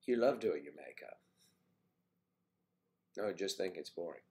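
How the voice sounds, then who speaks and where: Warm and a bit creaky, this man's low voice has lively intonation and a slightly slow pace. He hosts a casual morning livestream where he reads viewers' names and comments and replies with easygoing humor and asides.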